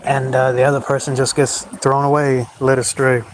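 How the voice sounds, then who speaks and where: A man's voice: mid-range voice, level tone, normal speed, background noise. A man hosting a solo livestream, rambling in a brooding, bitter way about life. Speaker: livestream host.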